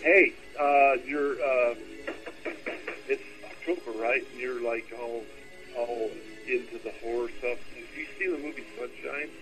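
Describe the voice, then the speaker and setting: A drunk man rambles through a call-in message, wandering off topic and forgetting what he meant to say. his voice sits at an ordinary male pitch, with faint music underneath. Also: a little slow, poor audio. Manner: rambling, loses his train of thought. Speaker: caller leaving a voice message.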